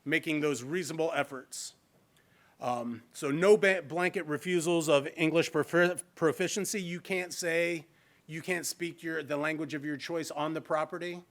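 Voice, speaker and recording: A man with a Midwestern American accent leads a fair housing training session in a library meeting room. His voice sits a little high, and he keeps it conversational, slipping into quoted lines as examples. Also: fairly even intonation, normal speed, a bit bright. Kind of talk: live training presentation.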